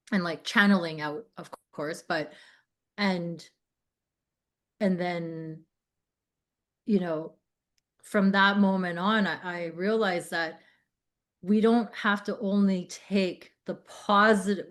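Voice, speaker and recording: Slow-talking woman telling a story. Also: on the low side. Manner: acts out quoted dialogue, many fillers like "you know" and "like". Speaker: podcast guest. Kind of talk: casual conversational storytelling.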